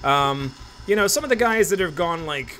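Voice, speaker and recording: A man in his thirties chats through a let's play in an easygoing, joking way. His fairly high voice swings widely in pitch and rings bright and sharp, with a faint hiss underneath. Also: animated, moderate pace. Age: 30s. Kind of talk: casual gameplay commentary.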